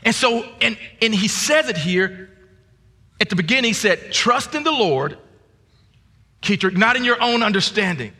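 A man's voice: high voice, lively intonation, normal speed, long pauses. Preaching man in a reverberant hall. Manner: repetitive restarts, rising to shouts at peaks. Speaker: guest pastor. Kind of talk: sermon.

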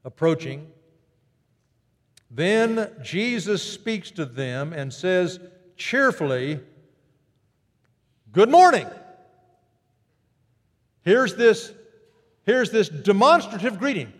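A man preaching a sermon, animated and storytelling, who jumps his pitch up high to act out quoted greetings. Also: slow pace, long pauses, big-room sound. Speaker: pastor.

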